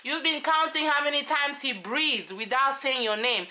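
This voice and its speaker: A woman giving sassy, animated commentary on a reality show, talking straight to her viewers. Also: high-pitched, normal speed. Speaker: show reviewer.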